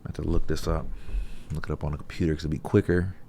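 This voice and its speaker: A man's voice: extremely low pitch, flat delivery, fast, creaky, mellow, a little hiss or hum. A man talking casually and reflectively to camera in a laid-back, profane, conversational way. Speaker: vlogger.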